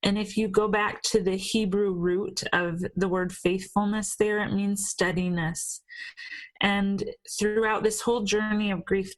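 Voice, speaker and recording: A woman's voice: mid-range voice, rough recording. A woman, a guest speaking earnestly and encouragingly in a faith-based interview. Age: 40s. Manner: earnest and encouraging, gentle restarts.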